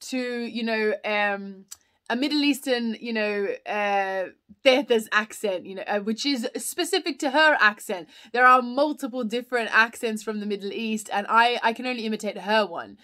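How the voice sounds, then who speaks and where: A woman's voice: a little high, normal speed, bright, forceful tone. Rambling woman live-streaming. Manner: rambling, chatty, with many fillers and restarts. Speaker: livestream host answering viewer questions. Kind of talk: casual live chat.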